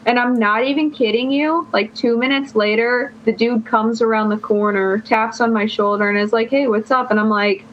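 With few pauses, a young adult woman tells a long personal story as a podcast guest, her slightly high voice steady and moderately paced. She rambles casually and fills every phrase with "like"; the recording is dull and lo-fi.

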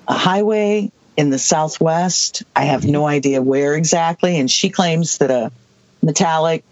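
A person in their sixties from the US Southwest, telling a personal story as an interview guest, halting, with many restarts and asides. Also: medium pitch, no room sound. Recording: dull lo-fi dry recording.

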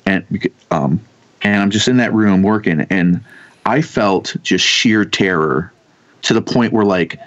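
A man in his thirties telling a ghost story in casual chat, rambling and halting with many restarts and casual swearing. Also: on the low side, a bit bright. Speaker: podcast guest telling ghost stories. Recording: dull lo-fi sound.

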